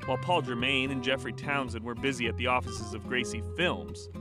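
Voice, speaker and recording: Male narrator over loud guitar music. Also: mid-range voice, steady tone. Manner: measured, storytelling delivery. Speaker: documentary narrator. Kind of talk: scripted narration.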